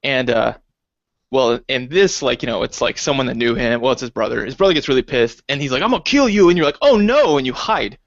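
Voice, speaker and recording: Guy cohosting a podcast, excitable, does goofy high voices, dry muffled mic. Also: fairly quick, creaky, no room sound. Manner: animated, jumps into high acted quotes. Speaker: podcast co-host. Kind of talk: casual chat. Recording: dull dry lo-fi recording.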